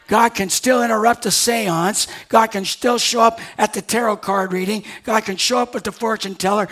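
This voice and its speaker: High-voiced preacher man. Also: a bit bright. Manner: preaching with conversational asides and sudden emphatic rises. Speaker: pastor. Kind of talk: sermon.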